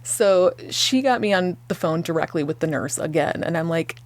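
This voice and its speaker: A woman co-hosting a casual podcast, telling an exasperated story in an animated way, acting out the people she quotes and swearing freely. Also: lowish voice, normal speed. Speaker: podcast co-host.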